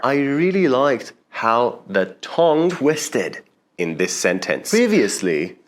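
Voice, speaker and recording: Slow, earnest non-native English teacher, man. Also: medium pitch, big pitch swings. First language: not English. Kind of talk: personal story promoting a course.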